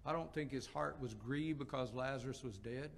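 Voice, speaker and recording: A man's voice: mid-range voice, moderate pace, gravelly, slight background noise. A man preaching a sermon, explaining scripture passages with quotes and rhetorical questions.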